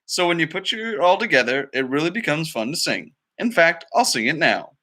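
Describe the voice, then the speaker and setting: Bright-voiced man reading to children. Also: on the high side, very animated, a little fast. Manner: chatty, asks listeners questions. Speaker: librarian. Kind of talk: picture-book read-aloud for children.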